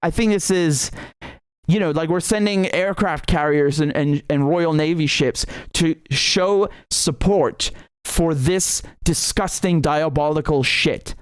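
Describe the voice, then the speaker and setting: A man's voice: on the high side, slow, clear, resonant tone, no echo, studio quality. Indignant man, sarcastic commentary. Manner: indignant, sarcastic, stammering restarts. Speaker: independent journalist and show host. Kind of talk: impassioned political commentary monologue.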